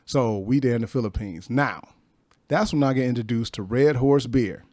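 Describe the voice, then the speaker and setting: A man's voice: mid-range voice, normal speed, no room sound. Slangy man in his fifties telling stories. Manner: slangy, profane, animated storyteller. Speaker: podcast guest. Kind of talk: casual storytelling. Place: podcast studio.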